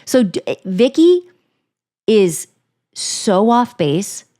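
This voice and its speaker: A woman's voice: mid-range voice, sing-song, very slow, mellow. Fired-up, cursing woman ranting. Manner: heated, profane ranting. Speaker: podcast co-host. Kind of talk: casual chat.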